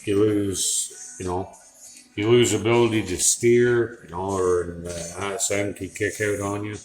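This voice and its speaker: A man's voice: lowish voice, steady tone, unhurried, roomy sound, poor audio. A man working as an auto mechanic, explaining repairs in a casual, joking, rambling way in a repair garage. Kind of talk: casual shop walkthrough. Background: radio music playing.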